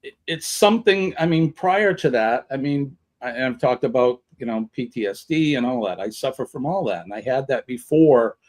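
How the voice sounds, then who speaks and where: A man's voice: mid-range voice, lively intonation, normal speed, few pauses, darkish tone. Brief: male co-host of a live chat show, heartfelt and motivational, loose delivery full of "um"s, ordinary mid voice. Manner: earnest, motivational, rambling with fillers.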